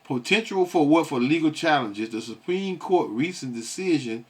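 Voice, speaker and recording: A man's voice: on the high side, expressive, normal speed. A man giving casual, rambling reaction commentary on a video, stumbling over his words and mocking.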